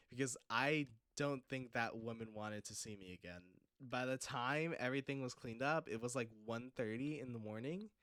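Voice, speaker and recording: A man narrating a casual storytime about his job in a relaxed, rambling way, with fillers and little laughs. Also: medium pitch, clean tone, no echo, studio quality. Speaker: storytime video creator.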